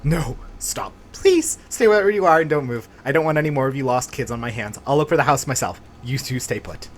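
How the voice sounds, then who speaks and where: A man's voice: mid-range voice, expressive, brisk, slight background noise, natural voice. A man voicing a weary male doctor in a video game who speaks to children in a stern, exasperated way.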